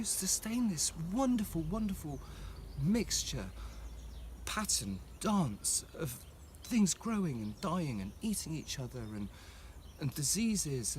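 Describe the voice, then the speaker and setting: A man's voice: a little high, a little hiss or hum. A man giving a passionate, emotional walking tour of his plant nursery, talking to camera outdoors.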